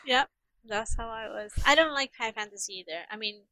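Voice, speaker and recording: A woman speaking English as a second language, chatting eagerly and excitably as a guest. Her voice is bright and mid-pitched. The sound is dry. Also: a little fast, no echo, low-quality recording. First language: not English. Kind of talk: casual chat.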